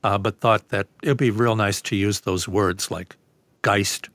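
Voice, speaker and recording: A man being interviewed as a guest professor, explaining in a measured, lecturing way with frequent fillers. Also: on the low side, fairly even intonation, fairly bright tone, no room sound. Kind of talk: conversational interview.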